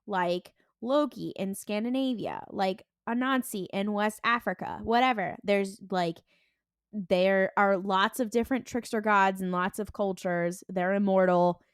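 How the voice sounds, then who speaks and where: A woman co-hosting a podcast, casually recapping a TV episode and acting out the characters' lines in quick voices, with a lot of "like". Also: medium pitch, clear, resonant tone, dry recording, clean studio sound. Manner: heavy use of "like" and "and he's like". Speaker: podcast co-host.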